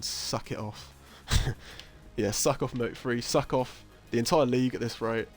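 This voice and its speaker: A man with a medium-pitched, slightly mellow voice hosts a league stream in a loose, jokey way. He's chatty, laughs easily and often, curses a lot, and reads chat aloud as he gives casual live-stream commentary.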